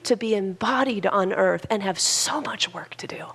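A woman minister preaches an earnest sermon with a storyteller's pacing. She often rises to fervent emphasis. Her voice has a noticeable gravelly fry. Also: medium pitch, normal speed, a bit bright.

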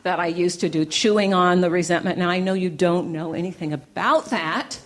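Animated woman telling stories to an audience. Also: fairly low pitch, normal speed. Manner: animated, playful, punchy repetition. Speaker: inspirational speaker. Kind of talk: storytelling talk to a live audience. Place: church gathering.

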